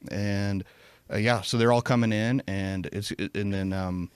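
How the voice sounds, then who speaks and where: A man's voice: on the low side, steady tone, unhurried, smooth, no room sound. A man talking as a podcast guest in casual chat, rambling with many fillers and restarts. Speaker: podcast guest, event company president.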